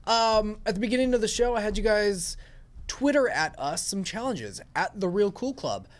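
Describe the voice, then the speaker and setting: A man's voice: sits high, expressive, normal speed. A young man co-hosting a web show, chatting directly to viewers as he reads out their challenges. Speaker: co-host reading viewer challenges.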